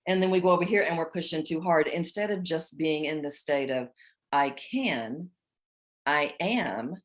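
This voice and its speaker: A woman in her sixties hosting a spiritual coaching talk for a women's group, expressive and acting out inner voices with laughter. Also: low voice, normal speed. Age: 60s. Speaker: host of a women's group chat.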